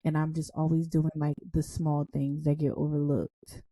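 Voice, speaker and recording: A young woman co-hosting a casual podcast, an animated and self-described dramatic storyteller. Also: deep voice, moderate pace. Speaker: podcast co-host.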